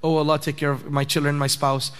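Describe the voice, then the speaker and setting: A man delivers a sermon in a mosque prayer hall, his fairly high voice carrying a long reverb tail. He talks to the congregation conversationally and asks them rhetorical questions. He then drives his points home with emphasis. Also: flat delivery, quick pace, clear, resonant tone. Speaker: imam giving a sermon.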